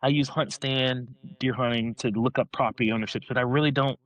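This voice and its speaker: A man on a podcast, telling a story in a casual, excited way, rambling, restarting his sentences. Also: mid-range voice, a little fast, dry recording, rough recording.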